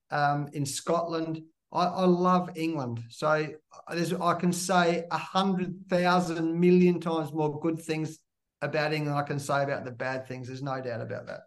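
A middle-aged Australian man with a fairly high voice spins a lively, animated anecdote in a relaxed interview. He talks with easy storytelling energy, acting out the people he describes. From Western Australia. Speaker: guest, former cricketer and coach.

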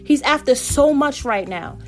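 A woman's voice: high-pitched, expressive, unhurried, soft background music. A woman vlogger telling an earnest devotional story and calling her viewers family. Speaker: faith vlogger.

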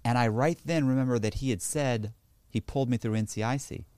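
A man telling a long story as a guest. He talks in a halting way, restarting sentences, and acts out what other people said. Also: medium pitch, a little mellow, no echo. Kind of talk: casual storytelling.

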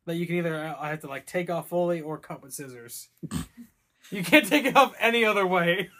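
A man's voice: high-pitched, animated, fairly quick, bright, forceful tone. Rambling crude casual man. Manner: crude, rambling, lots of fillers. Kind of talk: casual chat.

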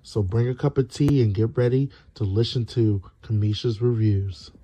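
Deep, dark-voiced male intro announcer. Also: normal speed, a little hiss or hum. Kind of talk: scripted promo intro.

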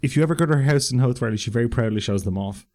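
A man's voice: medium pitch, rapid-fire, darkish tone. A man co-hosting a podcast in casual chat, making dry, wry comic asides. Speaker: podcast co-host.

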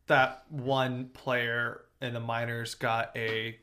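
Young male podcast co-host, casual and rambling, with a bright tone. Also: mid-range voice, flat delivery. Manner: rambling, quick bursts of talk. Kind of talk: casual sports chat.

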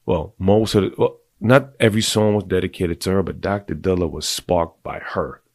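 A deep-voiced middle-aged man hosting a podcast, giving blunt, profane, confessional advice to other men in a casual monologue. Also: fairly even intonation, normal speed, dry recording. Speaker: podcast host.

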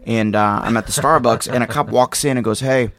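A man's voice: mid-range voice, a little fast, a bit bright. A man in his thirties, a comedian guest on a podcast, telling stories in casual chat and acting out the people in them.

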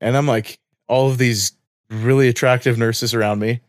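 A man's voice: mid-range voice, moderate pace, no echo, studio quality. Laughing man telling a story. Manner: animated storyteller, acts out voices, laughs often. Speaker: podcast co-host. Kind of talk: casual chat, storytelling.

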